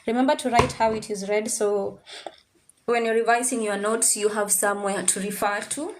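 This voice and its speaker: A woman teaching a French class, drilling pronunciations by slowly repeating each word. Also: medium pitch, steady tone, noisy background. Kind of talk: classroom language lesson. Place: classroom with students.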